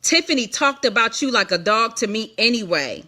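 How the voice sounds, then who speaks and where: A ministry leader speaks to an online audience in a fairly high, animated, bright and forceful voice. She gives viewers a candid, emphatic testimony, restarting quickly and often and repeating phrases.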